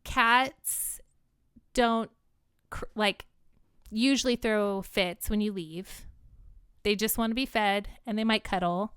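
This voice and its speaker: A woman's voice: mid-range voice, fairly even intonation, slow, long pauses, fairly bright tone, clean tone, no room sound, studio quality. A woman co-hosting a podcast, talking casually and giving opinions in a rambling way with many restarts. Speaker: podcast co-host. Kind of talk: casual chat.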